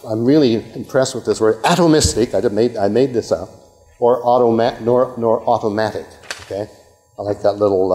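Older male lecturer from Canada, mid-pitched, discursive and self-interrupting, recorded in a reverberant hall. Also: a little mellow. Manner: rambling, self-interrupting, with frequent okays and asides. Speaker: university lecturer. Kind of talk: academic lecture.

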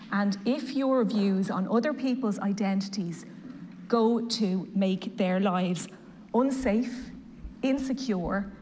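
A woman with an Irish accent giving a measured speech as a legislator. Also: medium pitch, a little mellow, big-room sound, a little hiss or hum. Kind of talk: parliamentary speech.

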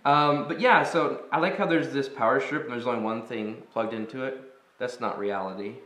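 A man co-hosting a casual board game playthrough, thinking out loud and getting excited over moves. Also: mid-range voice, normal speed, roomy sound. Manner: thinks aloud, easily excited. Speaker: co-host.

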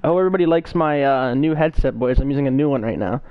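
A man's voice: mid-range voice, rapid-fire, no room sound, phone-quality sound. A young man live-streaming a game, casually greeting his viewers by name over a gaming headset.

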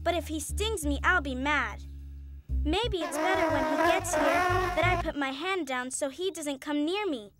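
A woman's voice: high voice, moderate pace, over loud music, natural voice. Moo Moo, a woman voicing a fretful cow. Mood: scared. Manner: anxious, panicky chatter. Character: timid, fretful female cartoon cow.

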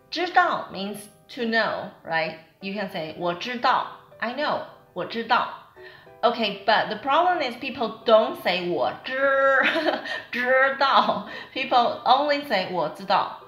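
A young Taiwanese-accented woman talks slowly and chattily, repeating words to show them. Her voice sits fairly high. She sounds like she is in an echoey room with faint music behind her. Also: fairly bright tone. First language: Mandarin Chinese. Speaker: Mandarin teacher. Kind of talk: casual video lesson.

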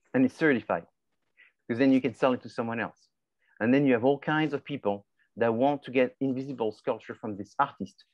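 Male professor, lecture, mid-pitched voice, conversational, dry close sound. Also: a little mellow, dry recording, lo-fi sound. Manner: conversational, repeats and restarts phrases, asks and answers his own questions. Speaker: marketing professor. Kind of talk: classroom lecture.

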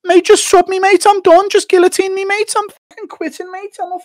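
A man impersonating a defeated fighter in a very high, whining voice, begging to give up. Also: flat delivery, fairly quick, a little mellow. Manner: squeaky, whining, pleading. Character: whiny defeated male English fighter.

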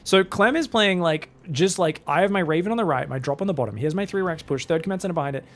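A man's voice: a little high, fast talker. A man with an Australian accent doing solo esports commentary, chatty and joking with teasing asides. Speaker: esports caster.

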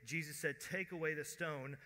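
A man preaching with a bright, forceful, fairly high voice, talking to the room like a conversation and slipping into quoted voices. His sermon rings out with a long reverb tail from a big church hall. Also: fairly even intonation, normal speed. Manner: conversational preaching, acts out quoted voices, drops to a hush at emotional points. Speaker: pastor.

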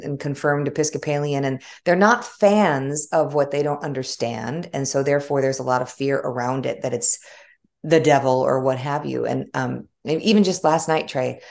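A middle-aged woman with a Chicago accent, a former journalist telling stories in an animated, conversational interview. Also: deep voice. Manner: animated storytelling with frequent laughs. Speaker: guest, former broadcast journalist.

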